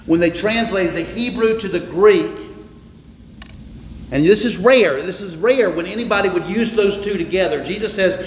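A man preaching a sermon as a pastor, emphatic, repeating words and slowing down for stress. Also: high voice, slight background noise. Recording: echoey hall, faint ambience.

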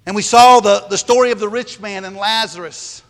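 A man's voice: high-pitched, moderate pace, in a large hall. A man preaching a sermon, emphatic and repeating his phrases for weight.

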